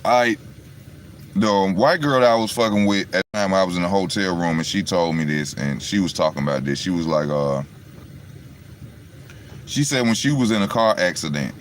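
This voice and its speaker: With slight background noise behind him, a low-voiced man vlogs to his viewers on a charging phone. He retells a story in a loose, wandering way, frequently asking "you know what I'm saying."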